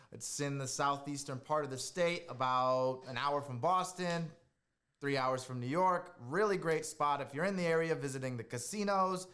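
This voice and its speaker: A man hosting a podcast, upbeat and quick to laugh. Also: fairly high pitch, fairly bright tone. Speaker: host. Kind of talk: casual podcast chat. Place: restaurant.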